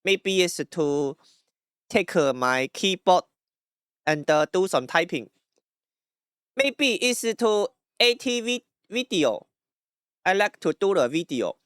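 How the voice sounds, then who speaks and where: A squawky indignant Taiwanese uncle. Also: male voice, high-pitched, animated, slow pace, long pauses, fairly bright tone, clear, resonant tone, no room sound, studio quality, pitched above the performer's own voice, full character voice. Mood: chatty. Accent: Taiwanese English. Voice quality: voice cracks, scrunched indignant squawk. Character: exasperated middle-aged Taiwanese man, voice cracking.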